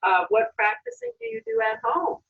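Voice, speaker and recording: Woman, speech therapist, high voice, gentle prompting questions, thin phone-like sound, far from the mic. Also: huge pitch swings, moderate pace, gravelly. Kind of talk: clinical interview.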